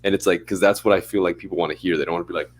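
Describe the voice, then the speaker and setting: A man co-hosting a podcast, talking in a laid-back, chatty way and now and then acting out a bright phone voice. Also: deep voice, steady tone, rapid-fire. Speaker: podcast co-host. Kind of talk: casual chat.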